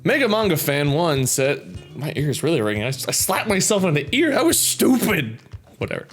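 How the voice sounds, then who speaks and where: A man reading viewer comments aloud in casual chat, goofy and prone to loud silly outbursts, with a slightly sore throat. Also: fairly high pitch, very animated, brisk, soft background music.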